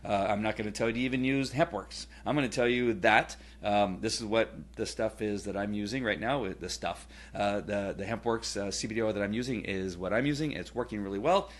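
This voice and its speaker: A middle-aged man with a fairly low voice talks through a casual personal testimonial. He rambles, restarts often and fills pauses. He gets animated when he retells scenes at home. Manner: rambling, many fillers and restarts. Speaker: testimonial speaker.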